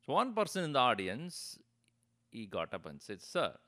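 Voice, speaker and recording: A man's voice: mid-range voice, wildly swooping pitch, moderate pace, bright, forceful tone. A man teaching a spiritual discourse, explaining with rhetorical questions and light chuckles. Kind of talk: religious discourse.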